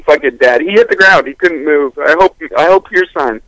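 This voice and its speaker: Man, crude storyteller, lively pitch, bright voice, dry close sound. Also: a little slow, hardly any pauses, no room sound, low-quality recording. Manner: profane, animated, laughing through the story.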